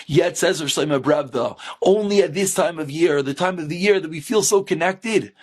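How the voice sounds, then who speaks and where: A rabbi telling an inspirational story with animation, acting out the characters. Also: male voice, a little high, moderate pace, few pauses.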